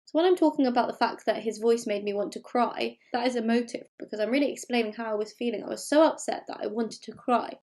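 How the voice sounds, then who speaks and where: A woman with an English accent, teaching a recorded remote lesson to young pupils and clearly explaining and stressing key words. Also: fairly high pitch, fast talker, few pauses, a little mellow. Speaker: primary school teacher.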